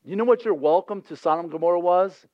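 Guy preaching, kinda high voice, dry dull lo-fi sound, chatty and lively. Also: fast talker, no echo. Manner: lively, conversational, acts out voices in scripture scenes. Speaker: pastor. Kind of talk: sermon.

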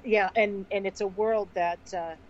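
A woman's voice: mid-range voice, fairly even intonation, measured pace, highs cut off, a little hiss or hum. A woman in casual conversation, agreeable and chiming in with short remarks. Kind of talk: casual chat.

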